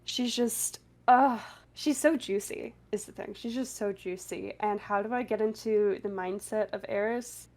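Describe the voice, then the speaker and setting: A woman's voice: mid-range voice, measured pace, darkish tone. Chatty, giggly woman voice actor. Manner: giggly, chatty, full of fillers. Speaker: voice actor guest on a panel. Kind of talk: casual panel interview.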